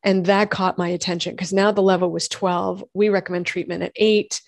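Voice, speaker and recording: A woman, a doctor and host telling her own health story in lively conversation, acting out what others said. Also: lowish voice, fairly quick, gravelly, no room sound, studio quality. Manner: animated storytelling, acts out quoted voices. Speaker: functional medicine gynecologist and podcast host.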